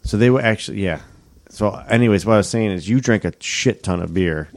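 Deep gravelly man, sardonic. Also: fairly quick, slight background noise. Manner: sardonic, profane, laid-back. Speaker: podcast co-host. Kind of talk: casual movie recap chat.

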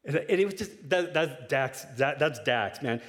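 A man's voice: medium pitch, expressive, unhurried, fairly bright tone. A man, a pastor preaching a sermon and telling a story earnestly, with repeated restarts. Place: large church hall. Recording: long hall reverb.

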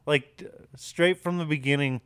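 A man chatting casually on a podcast, words loose and full of fillers. His voice is smooth and resonant, recorded close and dry with no room sound. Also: on the high side, normal speed, a bit bright, dry recording. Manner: rambling, many fillers, swears freely. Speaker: podcast co-host. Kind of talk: casual chat.

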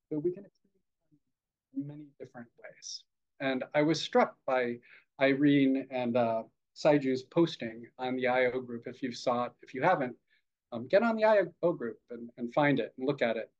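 A man who teaches Zen, giving a dharma talk in a reflective, hesitant way, with many fillers and gentle humor. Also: mid-range voice, animated, moderate pace. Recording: dull lo-fi podcast audio.

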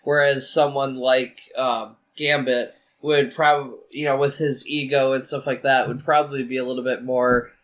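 A man with a mid-pitched voice joins a podcast conversation. He gets his ideas out haltingly, with plenty of ums, likes and restarts. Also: level tone, a bit bright. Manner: halting, many fillers and restarts. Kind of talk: casual podcast chat.

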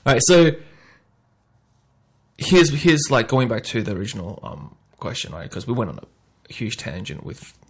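A man hosting a podcast in casual chat, playful, acting out little scenes and swinging between quiet and loud. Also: mid-range voice, very animated, normal speed, breathy edge. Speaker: podcast host.

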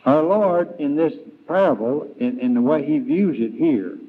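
Preacher, male, slightly high voice, very slow, halting delivery; thin phone-like 1990s tape. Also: a little hiss or hum. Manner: slow, deliberate, with frequent fillers and restarts. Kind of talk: Bible lesson sermon.

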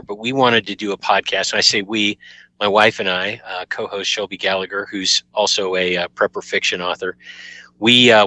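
A man's voice: on the low side, sharp tone, no room sound, rough recording. A laid-back man, a podcast guest, chatting casually and laughing at himself. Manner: laid-back, self-deprecating, laughs easily. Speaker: podcast guest, co-host of his own show. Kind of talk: casual chat.

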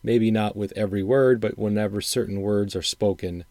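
Low mellow man, dry close sound. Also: steady tone, normal speed, no room sound. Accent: faint upper Midwestern American. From Wisconsin, upper Midwest US. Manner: thoughtful, rambling, frequent restarts and fillers. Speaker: podcast host reviewing songs. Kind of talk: casual solo commentary.

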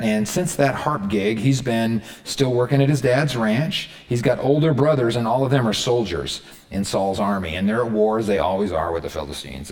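A man preaching a sermon in a casual, conversational way, retelling a story and checking in with his listeners. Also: mid-range voice. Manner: conversational, animated, keeps checking in with the audience. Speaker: pastor.

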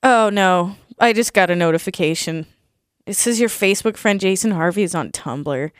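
A woman's voice: mid-range voice, moderate pace, clean tone, no echo, studio quality. A woman performing an improvised comedy sketch, blunt and mock-scolding, often cutting in.

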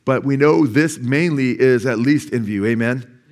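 A man's voice: medium pitch, unhurried, a little mellow. A man of sixty, a pastor, preaching a sermon at a church service. He keeps asking the congregation questions, waits for them to answer, and repeats key phrases for emphasis. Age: 60s.

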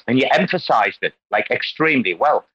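A man's voice: medium pitch, lively intonation, a little fast, bright, forceful tone, slightly rough, dull audio. A man hosting an online community call, talking casually and animatedly as he wanders into tangents and lectures about word stress. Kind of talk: casual group call chat.

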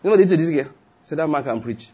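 Pastor preaching, husky voice. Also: male voice, fairly high pitch, lively intonation, racing, dark tone. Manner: preaching with repetition and chuckles. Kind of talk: sermon.

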